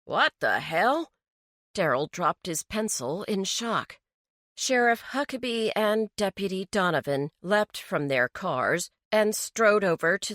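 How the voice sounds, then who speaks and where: A woman narrating a mystery story in a slow, even storytelling delivery. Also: medium pitch, no room sound, clean studio sound. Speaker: audiobook narrator. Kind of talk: scripted narration.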